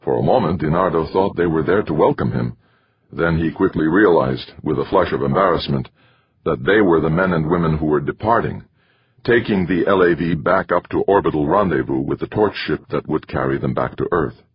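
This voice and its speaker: Deep, husky male audiobook narrator. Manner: steady, measured reading. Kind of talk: scripted narration. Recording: dry, slightly muffled recording.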